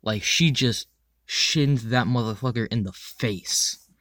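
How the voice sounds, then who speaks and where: A young man casually reviewing an animated show in a crude, rambling way, full of ums and swearing. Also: mid-range voice, slow pace, no room sound. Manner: rambling, crude, filler-heavy with frequent ums. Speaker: anime reviewer.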